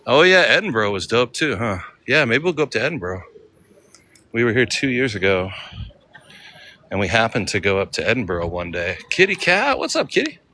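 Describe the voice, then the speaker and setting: A chatty American man with a bright, tense edge to his voice, rambling casually to his followers. He talks while strolling outdoors through city streets, with a faint hiss of noise behind him. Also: lowish voice, lively intonation, moderate pace, pauses often. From United States. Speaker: travel vlogger. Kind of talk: casual walking vlog.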